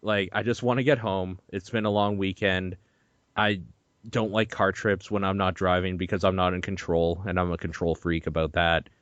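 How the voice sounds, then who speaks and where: A young man hosting a podcast, telling a story in an animated, swearing, laughing way. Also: deep voice, normal speed, no room sound, muffled recording. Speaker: podcast host. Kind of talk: casual chat.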